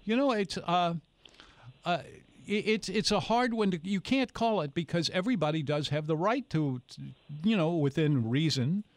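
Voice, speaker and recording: Folksy New radio host. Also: male voice, high-pitched, animated, moderate pace, no echo. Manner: folksy, rambling, tells anecdotes with put-on voices. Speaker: radio food show host. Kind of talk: call-in radio talk. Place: radio studio. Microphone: studio microphone.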